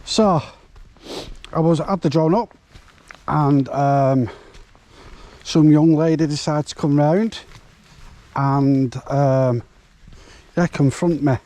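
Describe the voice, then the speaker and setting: A man's voice: a little high, takes it slowly, long pauses, warm tone. A man chatting casually for his vlog outdoors, rambling along with frequent fillers. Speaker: urban explorer vlogger. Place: outdoors on derelict grounds.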